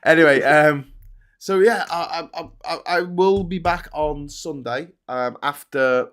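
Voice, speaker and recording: A man hosting a relaxed chat show, bantering and laughing with his guests. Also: a little high. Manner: chatty, laughing, quick asides. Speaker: host.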